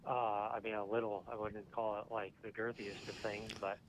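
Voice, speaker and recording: A man's voice: lowish voice, level tone, a little fast. A man answering a call, hesitant and awkward, with lots of fillers. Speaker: person on a phone call. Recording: muffled phone line.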